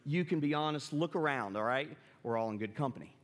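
Middle-aged pastor in a reverberant church. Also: male voice, fast. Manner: animated, acts out quoted lines with big pitch jumps. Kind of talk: sermon. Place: church sanctuary.

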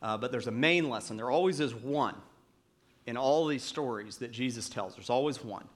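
A man's voice: medium pitch, moderate pace. A man in his thirties preaching a sermon as pastor, talking in a chatty, self-mocking way with lots of fillers.

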